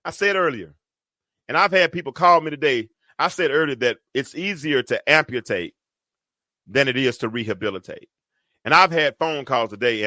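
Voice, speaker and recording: A man's voice: mid-range voice, sharp tone, no echo, clean studio sound. A man hosting a show, teaching from the Bible in a preaching style, colloquial and building into emphatic, repeated lines. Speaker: host.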